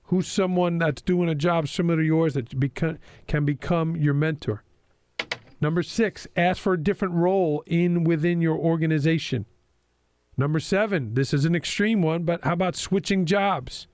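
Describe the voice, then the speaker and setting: A man's voice: on the high side, moderate pace, a little mellow. A man hosting an interview podcast as a school principal, talking in a friendly, casual way with lots of uh fillers. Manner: friendly, filler-heavy with frequent uh.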